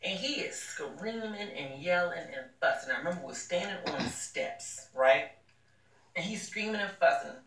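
A woman's voice: on the low side, expressive, moderate pace, a bit bright, recorded from a distance. A woman giving blunt, emphatic advice in casual talk, mixing in slang and endearments. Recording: echoey room, voice from off the mic.

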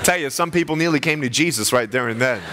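A man in his thirties giving a humorous chapel talk as an evangelist, telling stories with lively swings in pitch. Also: quick pace, very noisy. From Australia. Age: 30s. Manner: animated storyteller with jokes and wide pitch swings. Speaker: evangelist speaker. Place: chapel audience hall.

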